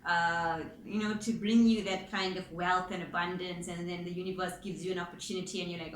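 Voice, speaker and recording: A woman's voice: lowish voice, level tone, fairly quick, hardly any pauses, slight background noise. A woman giving a casual spoken tarot reading as its reader, chatty and informal, with the odd swear word. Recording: echoey room with faint ambience.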